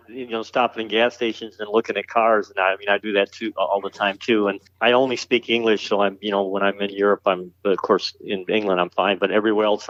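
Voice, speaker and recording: A man, a museum founder as guest, chatting casually in a relaxed, halting way that repeats words. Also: lowish voice, dry recording, muffled recording. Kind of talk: casual interview chat.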